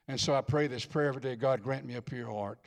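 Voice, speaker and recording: Preaching quickly in a mid-range voice, an older visiting preacher ministers to people in church. He's folksy and earnest, repeating phrases for emphasis.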